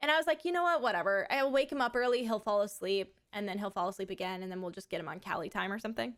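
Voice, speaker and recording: A woman's voice: mid-range voice, rapid-fire. A woman live streamer in a casual, rambling chat who swears freely.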